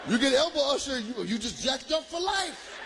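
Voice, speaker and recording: A man doing a stand-up routine, working the crowd loudly with shouts and laughter. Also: very high-pitched, moderate pace. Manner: loud, animated, bursts of shouting and laughter. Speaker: stand-up comedian. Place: live comedy venue. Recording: live crowd and room noise.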